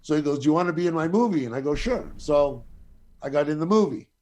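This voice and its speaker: An older man, an actor and guest, telling a long anecdote in a casual, profane, animated way. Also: fairly high pitch, quick pace. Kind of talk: casual storytelling.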